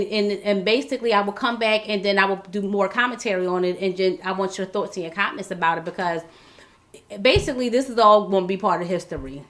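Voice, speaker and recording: Bright-voiced blunt woman, exasperated commentary. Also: medium pitch. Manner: blunt, exasperated, many restarts and repeated words. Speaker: vlog host. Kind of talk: casual political commentary.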